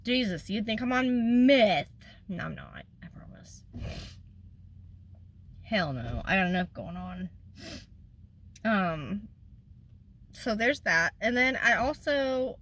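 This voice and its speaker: A woman's voice: medium pitch, sing-song, takes it slowly, pauses often, a bit bright. A woman, talking in a rambling, emotional way in a casual personal vlog, tearful at times. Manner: rambling and emotional, trails off and restarts. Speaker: vlogger.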